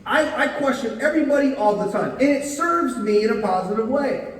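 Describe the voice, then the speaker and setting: Man, motivational speaker, very high voice, booming echo of a big hall, heard from a distance. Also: a little fast. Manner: energetic, punchy, asks the crowd to answer back. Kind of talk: live motivational talk to an audience. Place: large hall with a live audience. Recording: echoey hall, voice far from the mic.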